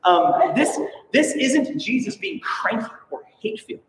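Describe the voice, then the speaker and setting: A male pastor from Alaska preaching a sermon with an animated, playful manner and sarcastic asides. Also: very high-pitched, a little slow, a little hiss or hum. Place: church sanctuary. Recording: echoey hall, from far off.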